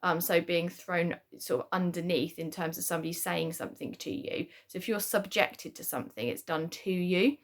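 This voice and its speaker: A woman explains spelling to young pupils from her home. She talks in a loose, chatty way, often pausing on "um" and "kind of" as she goes. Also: lowish voice. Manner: chatty, lots of "um" and "kind of" fillers. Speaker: primary school teacher. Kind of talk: spelling lesson for children.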